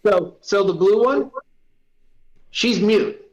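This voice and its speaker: A man's voice: high voice, slow pace, highs cut off. A man in a casual online writers' chat, explaining his story in rambling bursts full of fillers. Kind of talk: casual group chat about writing.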